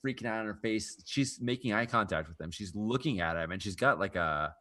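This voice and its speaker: A man playing a tabletop game, describing his character haltingly. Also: fairly low pitch, lively intonation, sharp tone. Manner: halting, many fillers and restarts. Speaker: player. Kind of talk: casual tabletop game chat.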